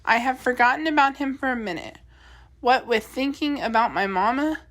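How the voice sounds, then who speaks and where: A woman's voice: sits high, normal speed, fairly bright tone. A woman voicing a stubborn ten-year-old girl who pleads and insists, read from a storybook. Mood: hushed. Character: stubborn ten-year-old girl, heartbroken over her lost dog.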